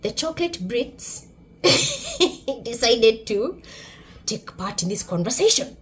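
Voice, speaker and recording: A woman's voice: on the high side, sing-song, a little slow. A woman with a Kenyan accent giving a wry, sarcastic, emphatic commentary on her vlog. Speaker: YouTube commentator.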